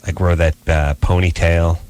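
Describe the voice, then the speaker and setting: A middle-aged man hosts a late-night call-in radio show, rambling through loose riffs and bits and joking with his co-host and callers. He has a low, slightly mellow voice with a level tone at normal speed.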